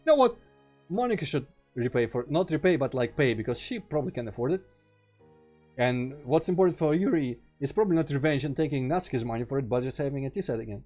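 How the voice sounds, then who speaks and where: Young guy streamer reading a visual novel out loud, casual asides, lively voice. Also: medium pitch, quick pace, faint music behind.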